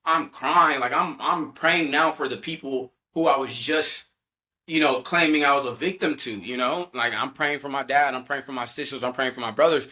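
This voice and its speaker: Young male guest, bright and punchy, earnest casual testimony with lots of fillers. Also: medium pitch, moderate pace. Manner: earnest, loose, heavy on "you know" fillers. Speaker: podcast guest.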